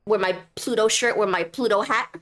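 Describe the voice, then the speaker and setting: A woman's voice: medium pitch, moderate pace, fairly bright tone. A young woman streaming a game, chatting in a goofy, rambling, playful way. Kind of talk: casual game commentary.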